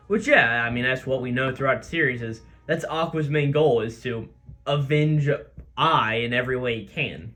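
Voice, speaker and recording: A man's voice: mid-range voice, moderate pace, pushed and bright. A man casually recapping a comic chapter in a chatty, filler-heavy way. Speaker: manga recap host.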